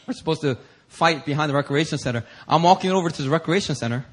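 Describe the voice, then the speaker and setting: A man pastor preaching a sermon through an animated story, acting out voices and bursting into shouts. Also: a little high, fast, slightly rough.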